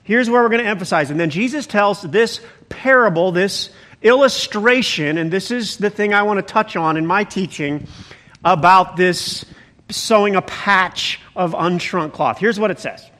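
A pastor preaching a sermon in an animated, conversational way, breaking in with exclamations as he reads and explains the text. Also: high voice.

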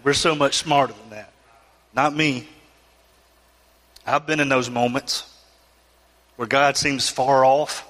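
A man's voice: mid-range voice, bright, forceful tone, long reverb tail. A man preaching a sermon, reading scripture and acting out the people's complaints with rising, pleading emotion. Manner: acts out complaining voices, rising emotional pleas. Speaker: pastor.

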